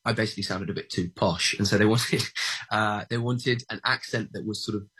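Husky actor, halting and thoughtful. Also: male voice, on the low side, fairly even intonation, fairly bright tone. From England. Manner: hesitant, many fillers and restarts, self-deprecating. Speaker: actor, guest. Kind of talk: interview answers.

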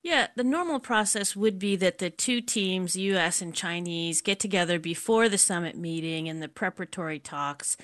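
A woman's voice: lowish voice, moderate pace, few pauses, fairly bright tone, dry recording, studio quality. A woman appearing as an expert guest and former diplomat, explaining fluently how a process works. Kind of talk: radio news interview.

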